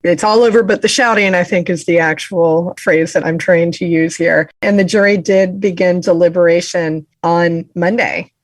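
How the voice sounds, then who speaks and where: Low-voiced woman, dry podcast mic. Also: steady tone, normal speed, hardly any pauses, no echo. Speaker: podcast co-host. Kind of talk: casual true-crime discussion.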